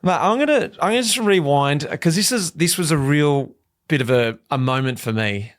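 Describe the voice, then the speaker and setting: A man hosting a podcast, chatty and animated as he tells stories. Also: a little high, moderate pace. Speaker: podcast host, former pro cyclist. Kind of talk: casual podcast interview.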